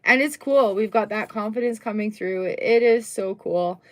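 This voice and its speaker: A middle-aged woman with a medium-pitched voice and moderate pace does a relaxed, talkative tarot reading on a live stream. She sounds upbeat throughout, exclaiming often and slipping in short sung bits.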